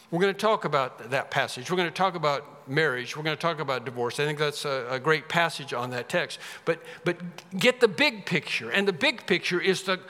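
A man's voice: a little high, pushed and bright, big-room sound. A man preaching a sermon, reading scripture aloud and explaining it in an earnest, conversational way. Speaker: pastor.

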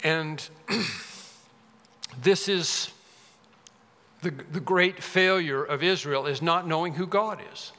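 A man preaching a sermon in a bright, fairly high voice that carries a lingering reverb from a large church hall. He presses his points hard and repeats key phrases, each time with more force. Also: takes it slowly, pauses often.

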